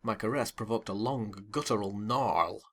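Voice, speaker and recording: A man reading a classic novel aloud as an audiobook, with a lively, dramatic first-person delivery. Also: lowish voice, normal speed. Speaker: audiobook narrator. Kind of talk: expressive audiobook narration.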